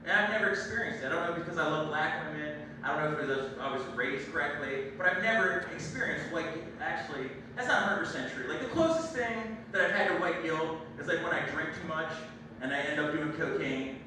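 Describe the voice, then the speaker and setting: A high-voiced young man works a theater stage with a stand-up set, his pitch jumping around as he acts out the people in his stories. He is caught from a distance in a very echoey room, with a clear layer of room noise underneath. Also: fast talker. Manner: animated storytelling, acting out the people in his stories. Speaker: stand-up comedian. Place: live comedy theater stage. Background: audience laughter and room ambience.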